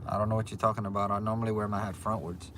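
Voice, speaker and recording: A Louisiana man with a Cajun accent chats on a livestream from a restaurant, reading viewer comments aloud in rambling fashion and restarting often. His voice is fairly low, level, very fast, and a bit bright, with a little hiss or hum.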